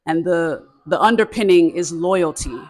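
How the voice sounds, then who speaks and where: A man hosting a casual interview, calmly explaining ideas to his audience. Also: a little high, normal speed. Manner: calm, explains concepts to the audience between brief affirmations. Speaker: podcast host.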